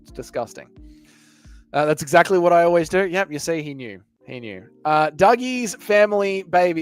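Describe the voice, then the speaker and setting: A man's voice: on the high side, animated, normal speed, clean tone, soft background music. Crude joking man streaming. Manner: crude, joking banter with chat. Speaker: livestream host reading chat. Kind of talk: casual live-stream chat.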